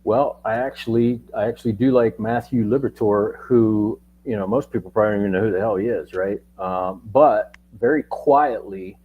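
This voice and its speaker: A man's voice: on the low side, normal speed, hardly any pauses, breathy edge, phone-quality sound. A man co-hosting a sports betting show as its coach, laid-back and full of fillers. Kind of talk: casual sports betting chat.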